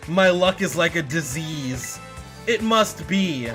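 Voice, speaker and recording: Excitable high-voiced man streaming a game. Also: slow, over music. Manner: excitable, exasperated, talks to the game and chat. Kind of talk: live gameplay streaming, talking to chat.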